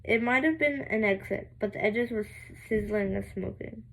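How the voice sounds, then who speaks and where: A young woman reading a novel aloud, halting and restarting words, with giggling asides. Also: medium pitch, creaky, fairly bright tone, low-quality recording. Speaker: amateur reader.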